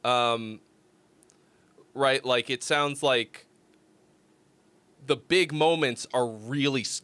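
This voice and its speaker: A man's voice: medium pitch, a bit bright, no room sound. A congested man with a sick-sounding voice, giving loose, profane critique of listener songs on a casual livestream. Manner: loose, profane, rambling with fillers.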